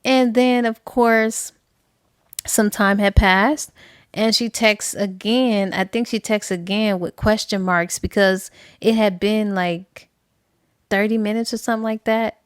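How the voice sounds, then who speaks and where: A woman's voice: mid-range voice, steady tone, measured pace, smooth, no echo, studio quality. A woman casually retelling a novel's plot for a book review, chatty and full of fillers, acting out the characters' lines.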